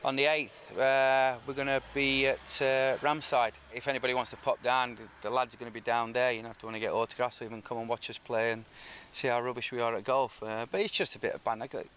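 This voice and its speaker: Middle-aged ex-footballer telling stories. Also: male voice, medium pitch, fast talker, hardly any pauses, slight background noise. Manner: lively storyteller who acts out quoted speech. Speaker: former professional footballer, guest. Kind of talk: relaxed anecdotal interview.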